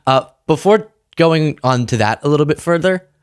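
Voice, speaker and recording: A man's voice: on the high side, expressive, normal speed, clear, resonant tone, no room sound, studio quality. A man hosting a political commentary show, talking casually with a sarcastic, mocking edge.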